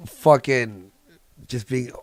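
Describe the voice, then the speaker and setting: A man's voice: medium pitch, slow, no echo. A man hosting a livestream in casual, crude, joking banter, laughing often. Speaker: livestream host.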